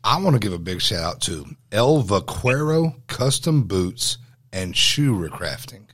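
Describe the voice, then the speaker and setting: Male podcast co-host, lowish voice, folksy and plain-spoken. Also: very animated, unhurried, fairly bright tone. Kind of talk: casual chat.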